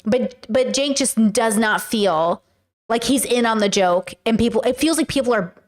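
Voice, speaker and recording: Woman streamer, slightly high voice, casual emphatic commentary with slang, chatty with viewers. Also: normal speed. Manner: emphatic, slangy, talks straight to chat.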